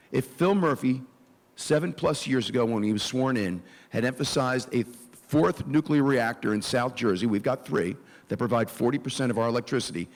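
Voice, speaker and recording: A man speaks as a political candidate at a live forum, in a steady middle pitch. He talks forcefully and methodically, laying out plans point by point. The sound carries the long reverb of an event hall. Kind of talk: campaign forum answers.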